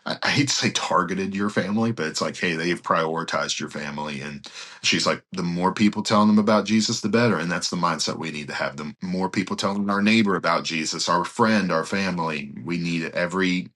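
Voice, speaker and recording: A deep-voiced man, talking a little fast, is a pastor being interviewed on a podcast. He tells his anecdotes with energy and performs the quoted dialogue of the people in them.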